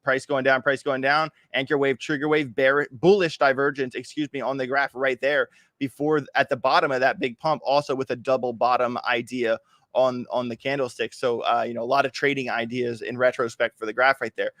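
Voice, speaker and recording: A man's voice: mid-range voice, level tone, brisk, fairly bright tone, no room sound, clean studio sound. A man hosting a casual crypto trading livestream, walking viewers through charts in a chatty, hyped, joking way. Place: home, in Miami.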